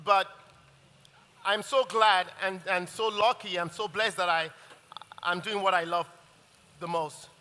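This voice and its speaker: Chef with a bright, high voice. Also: male voice, steady tone, unhurried, long pauses. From Nigeria. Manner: chatty, laughing, restarts sentences. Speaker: chef giving a cooking demonstration. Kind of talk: live cooking masterclass. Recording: reverberant event hall.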